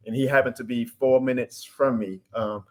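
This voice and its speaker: Speaking at normal speed in a medium pitch, a New Orleans man in his thirties with a heavy New Orleans accent chats casually as a podcast guest. He's a content creator who tells stories with animated, upbeat sincerity.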